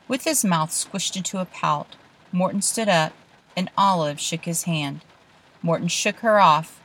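Low-voiced woman reading a story aloud. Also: measured pace, rough recording. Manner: hushed, suspenseful storytelling. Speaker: narrator.

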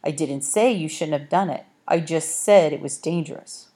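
A woman's voice: low-pitched, normal speed, warm tone, breathy edge. A woman reading the part of a haughty, brusque talking cat, with a dry, clipped, condescending manner in a storybook. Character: haughty brusque orange tomcat guide.

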